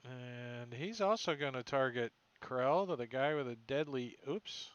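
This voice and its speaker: A man narrating as dungeon master, talking slowly and offhandedly as he moves pieces on a virtual map. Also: mid-range voice, animated, clean tone, no room sound, dull audio. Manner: slow, offhand, thinking aloud while moving tokens. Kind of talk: narrating a tabletop game online.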